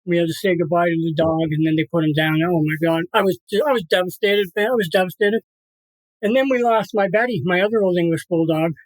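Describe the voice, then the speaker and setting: A middle-aged man with a high voice talks quickly as an interview guest, sharing an emotional personal story. He's earnest, repeats himself, and acts out voices, and the recording is low-quality but has no echo.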